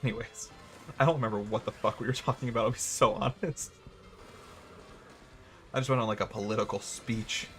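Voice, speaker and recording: A man's voice: mid-range voice, steady tone, fairly quick, long pauses, fairly bright tone, soft background music. A young man streaming a video game live, rambling and joking sarcastically with his chat. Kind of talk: gaming livestream chat.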